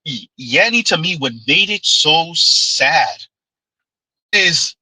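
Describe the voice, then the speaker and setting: A man delivering a ranting commentary vlog in a high, very bright voice with a husky grain. He is blunt and preachy, tossing in sarcastic laughs and rhetorical asides, and the sound is dry and close. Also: expressive, slow, no room sound, low-quality recording. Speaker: commentary vlogger.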